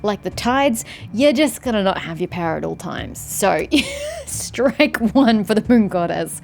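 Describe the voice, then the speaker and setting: A woman's voice: on the low side, sing-song, creaky, a little mellow, faint music behind. A woman streamer giving sarcastic, joking commentary over a video game. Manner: sarcastic, joking, quick asides. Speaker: gaming streamer. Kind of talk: let's play commentary.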